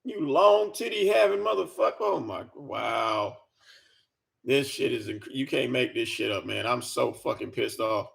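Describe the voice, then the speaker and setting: A man's voice: mid-range voice, lively intonation, unhurried, creaky, fairly bright tone. A man giving an exasperated, profane reaction rant, stammering and repeating himself as he talks. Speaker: commentary vlogger. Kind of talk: ranting reaction commentary.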